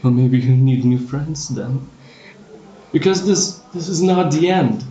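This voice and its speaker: A man's voice: medium pitch, unhurried, dark tone, echoey room, muffled recording, close to an everyday voice. A man voicing a burnt, bleeding dead father who bitterly accuses his child and raises his voice in anguish.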